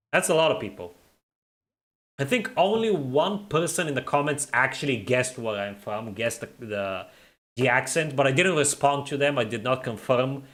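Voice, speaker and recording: A young man talking off the cuff on a live stream, answering chat with a mock-outraged, joking edge. His voice sits in an ordinary middle pitch. He laughs a lot and repeats words as he stumbles over his thoughts. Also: a bit bright. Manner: jokey, laughs often, teasing viewers.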